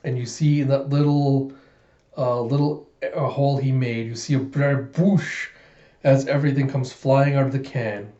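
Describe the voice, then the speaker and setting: A man's voice: mid-range voice, steady tone, normal speed, warm tone. A man reading a comic aloud in a casual, chatty way, often laughing. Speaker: comic reader. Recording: echoey room, dull lo-fi sound.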